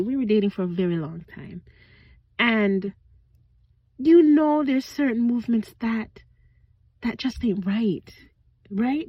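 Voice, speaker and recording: A woman's voice: fairly high pitch, breathy edge, no echo. A woman hosting a podcast, talking in a casual, reflective monologue and often asking the listener direct questions. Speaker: podcast host. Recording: dull lo-fi recording.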